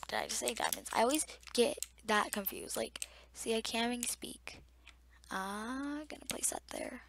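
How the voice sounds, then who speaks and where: A young woman giving casual gameplay commentary to viewers, chatty and easily startled, recorded at a desktop mic beside a loud keyboard. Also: mid-range voice, background noise. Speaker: gamer. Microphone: desktop mic near loud keyboard.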